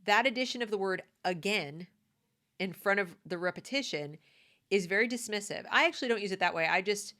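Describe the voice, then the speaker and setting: A woman's voice: mid-range voice, lively intonation, a little fast, pushed and bright. Emphatic woman giving opinion commentary. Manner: emphatic, conversational, repeats points.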